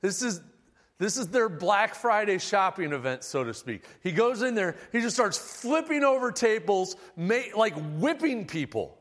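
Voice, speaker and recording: A man preaching a sermon, telling the story in a casual, animated and humorous way. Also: sits high, normal speed. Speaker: pastor. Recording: long hall reverb.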